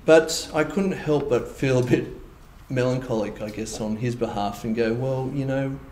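A man preaching a conversational sermon, with animated asides in which he voices imagined reactions. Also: medium pitch, normal speed, reverberant, a little hiss or hum, poor audio. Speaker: pastor. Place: church hall.

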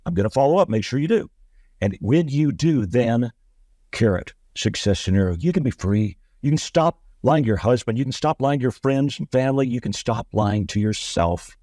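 A man's voice: mid-range voice, expressive, moderate pace, dark tone, no room sound, studio quality. A man telling a story as a guest on a podcast interview, acting out the voices of the people in it. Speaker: guest, author and coach.

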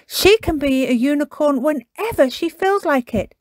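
A woman's voice: high voice, expressive, moderate pace, darkish tone, no room sound, studio quality, voice pushed up. Woman doing a squealing eager girl piglet. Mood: excited. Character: excited little girl piglet, bossy and bubbly. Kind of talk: storybook reading.

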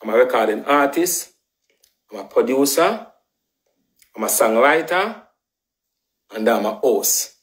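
A man's voice: mid-range voice, measured pace, long pauses. Echoey, ranting Jamaican patois vlogger man. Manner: animated, repetitive, emphatic patois rant with swearing. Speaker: live-stream vlogger. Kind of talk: heated live-stream rant.

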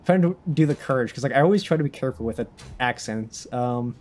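A man's voice: medium pitch, animated, fast talker, darkish tone. A young man streaming a video game, chatting casually in a rambling, self-conscious way. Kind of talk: casual livestream chat.

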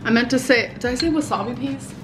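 A woman in her thirties chatting casually to her viewers at home, unhurried and full of "um" and "like". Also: on the high side. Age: 30s. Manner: unhurried, chatty, many fillers like "um" and "like". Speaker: vlogger. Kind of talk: casual vlog chat.

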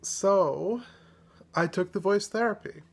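A woman chatting casually in a vlog, relaxed and self-deprecating, pausing often as she thinks. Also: mid-range voice, breathy edge. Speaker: video blogger.

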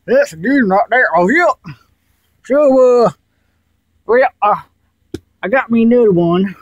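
A rowdy, crude hillbilly who dips tobacco, as a man puts him on, talking in a slow, high-pitched full of rambling fillers. The sound is close and dry. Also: expressive, no echo, dull audio. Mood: rowdy boasting. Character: loud crude male hillbilly tobacco dipper. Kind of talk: comedy character vlog.

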